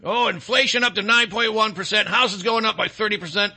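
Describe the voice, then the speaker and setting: A man's voice: high voice, a little fast, pushed and bright, slightly rough. A middle-aged man hosting a political commentary monologue, sarcastic and mocking, rambling with fillers and restarts.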